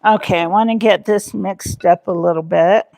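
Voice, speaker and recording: A creaky, darkish, fairly low female voice with fairly even intonation moves at a moderate pace. It belongs to a home-kitchen cooking streamer who keeps up a loose, rambling chat with the viewers in her chat as she cooks.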